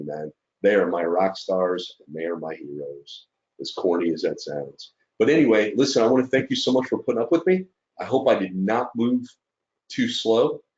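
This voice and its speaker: Guy with a lowish voice talking trading to a class, heartfelt, lots of uh's and right?'s, kinda muffled audio. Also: a little mellow. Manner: earnest and emotional, filler-heavy, checks in with "right?". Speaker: trader presenting to fellow students. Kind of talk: casual webinar presentation.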